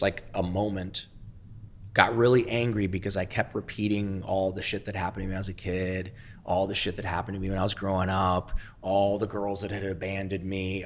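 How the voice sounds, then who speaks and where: A man's voice: on the low side, fairly bright tone. A man telling his life story as an interview guest, blunt and heavily profane with emphatic swings. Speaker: guest, entrepreneur.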